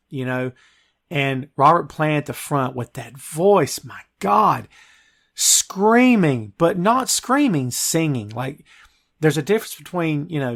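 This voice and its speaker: A man's voice: medium pitch, a bit bright. A man hosting a podcast in casual chat, talking with gushing enthusiasm. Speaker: podcast host.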